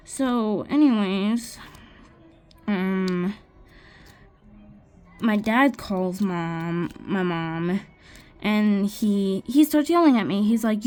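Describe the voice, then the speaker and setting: Slow-talking young woman chatting over music. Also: medium pitch, expressive, a little mellow, clear, resonant tone. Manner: chatty, rambling, restarts mid-sentence. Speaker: vlogger. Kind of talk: casual storytelling while crafting.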